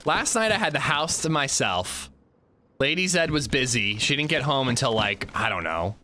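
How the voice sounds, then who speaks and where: Man chatting on a game stream, animated pitch, faint hum behind. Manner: chatty, animated, reads chat aloud. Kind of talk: casual livestream chat while gaming.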